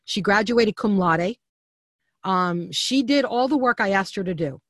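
A middle-aged woman recounting family stories as a podcast guest, her voice sitting at a middle pitch. She talks in an animated, candid way, with restarts and asides. The sound is close and dry. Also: measured pace, dry recording. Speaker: interview guest. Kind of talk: storytelling in a podcast interview.

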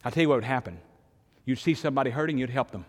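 A man's voice: mid-range voice, very fast, in a large hall. An older man, preaching a sermon in a conversational storytelling way, with sudden emphatic rises. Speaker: pastor.

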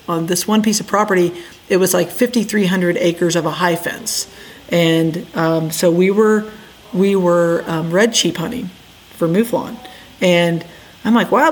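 A middle-aged woman from Indiana, USA, appears as a podcast guest and tells her story casually and animatedly, acting out the quotes. Her voice is lowish.

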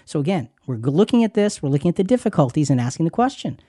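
A man's voice: fairly high pitch, big pitch swings, quick pace, few pauses, dark tone, no echo, clean studio sound. A man co-hosting a Christian marriage teaching, talking with emphatic, preacherly repetition. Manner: emphatic, preacherly, repeats words. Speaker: Christian radio co-host.

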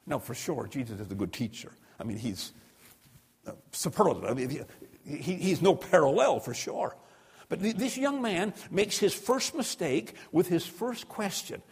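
A man's voice: sits high, big pitch swings, normal speed, breathy edge. A man preaching a sermon, telling stories, reading scripture aloud and asking his listeners questions. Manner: storytelling, asks the listeners questions; reads scripture aloud, drops to a hush for prayer. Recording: long hall reverb.

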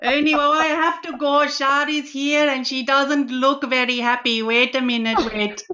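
A woman's voice: sits high, little pitch movement, normal speed, bright, forceful tone, dull audio, voice pushed up. A woman putting on a cheeky auntie. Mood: flirtatious. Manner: teasing, flirtatious, playful.

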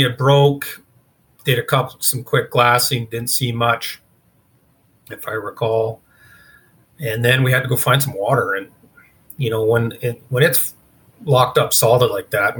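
A man's voice: medium pitch, fairly bright tone. A man, a guest in an interview, recounting a story in a casual, rambling way with lots of fillers. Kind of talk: storytelling in conversation.

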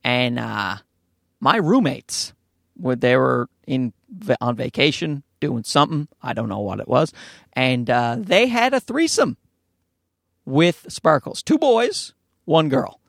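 A man's voice: takes it slowly, gravelly, dry recording, clean studio sound. Profane, rambling man podcasting from his car. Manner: profane, rambling, animated with jumps to high pitch. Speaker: podcast host. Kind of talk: casual solo podcast rant. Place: inside a parked car.

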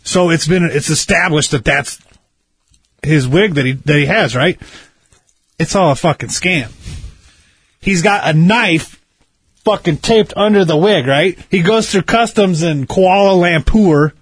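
A man's voice: on the high side, a little slow, long pauses, breathy edge, dry recording, studio quality. A man in casual chat, rambling through a conspiracy story with heavy swearing and insisting he is right. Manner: insistent, argumentative.

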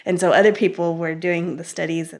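A woman, a guest in an interview, earnestly recounting a personal story in a relaxed conversational way. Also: lowish voice, fairly quick.

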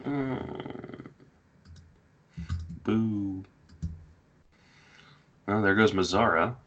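A man's voice: on the low side, extremely slow, fairly bright tone, lo-fi sound, a little hiss or hum. A man hosting a casual fantasy baseball show, thinking aloud with many fillers as he comments on a live draft. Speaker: fantasy baseball podcast host.

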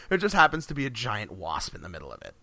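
Podcast guy rambling and laughing, crisp bright voice, dry close sound. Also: mid-range voice, wildly swooping pitch, quick pace, no echo. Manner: rambling, restarts often, laughs between phrases. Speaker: podcast co-host. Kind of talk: casual chat.

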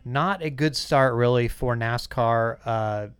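Middle-aged male podcast host, smooth clear voice, dry close sound, chatty storyteller. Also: medium pitch, slow pace, dry recording. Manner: chatty, storytelling with quoted asides. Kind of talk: casual chat.

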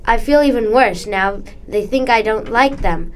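A woman's voice: on the high side, a little slow, slight background noise. A young girl reading aloud her own children's story in an earnest, careful way.

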